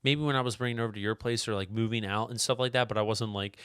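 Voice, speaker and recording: A young man in casual, profane podcast chat who rambles and slips into loud impressions of friends. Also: lowish voice, fairly even intonation, very fast, clear, resonant tone, dry recording, studio quality. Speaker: podcast co-host.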